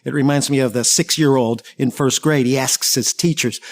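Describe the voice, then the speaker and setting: A man giving a training talk on listening, anecdotal and humorous with lively asides. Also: mid-range voice, moderate pace. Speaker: communication trainer.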